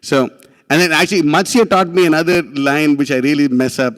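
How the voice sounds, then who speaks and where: A man giving a religious class, telling a story in an animated, casual way with many restarts and laughs. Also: fairly high pitch, brisk, big-room sound.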